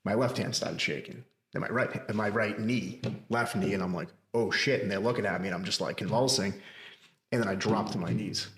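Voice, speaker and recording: A middle-aged man tells his own story with candor and emphasis, acting out the lines he spoke back then. His voice sits low. The room around him rings with an echo. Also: a little fast. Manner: candid, emphatic, with acted-out quotes. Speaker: podcast co-host. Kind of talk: casual personal storytelling. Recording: echoey room.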